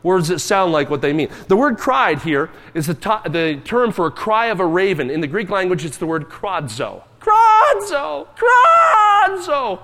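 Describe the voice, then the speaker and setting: A man's voice: on the high side, lively intonation, normal speed, few pauses, a bit bright, in a large hall, a little hiss or hum. A man preaching a sermon in a church, emphatic and dramatic, acting out cries and quoted voices. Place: church sanctuary.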